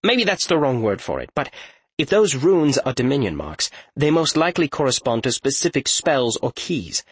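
A man's voice: mid-range voice, sing-song, moderate pace, husky, dry recording. A man voicing a wry, practical thinker. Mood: musing. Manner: dry, wry remarks. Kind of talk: audiobook character voice.

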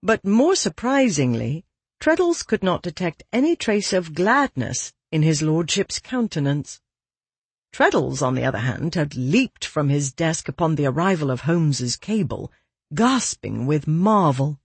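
An audiobook narrator giving a measured, even scripted reading. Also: mid-range voice, slightly rough, no echo.

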